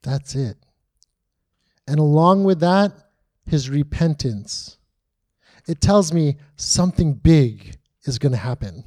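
A man preaching a sermon, retelling the story dramatically and dropping to a hush on key lines. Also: fairly high pitch, expressive, slow pace, pauses often.

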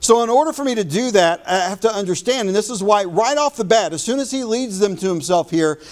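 A male pastor preaching a sermon, slowing down to stress key phrases. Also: high voice, lively intonation.

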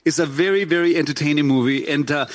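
A man's voice: a little high, quick pace, no echo. A middle-aged man hosting a talk show, chatting loosely and laughing often. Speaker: podcast host. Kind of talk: casual talk-show chat. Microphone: studio mic.

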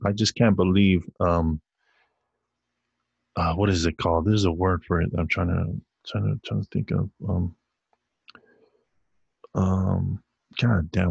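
A young man with a very deep, husky voice holds forth on his own podcast. He rambles from one tangent to the next, cursing freely as he gets heated. The sound is close and dry, with no room around him. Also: dry recording, lo-fi sound. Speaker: podcast host. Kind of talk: solo podcast rant.

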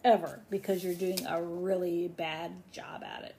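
A young woman co-hosting a casual recap chat, talking fast and acting out the quotes she retells. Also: fairly low pitch, flat delivery, mellow, slight background noise. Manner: chatty, acts out quotes with emphasis. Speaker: podcast co-host.

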